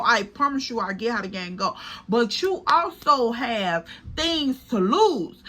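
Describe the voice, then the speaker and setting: A young woman vlogger recounts a story with sass and plenty of profanity, speaking directly to her audience. Her voice is high and bright, and she lands her points with emphatic force. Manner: sassy, emphatic, profane, talks straight to viewers as "girl" and "y'all". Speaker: vlogger telling a personal story. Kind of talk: animated storytime.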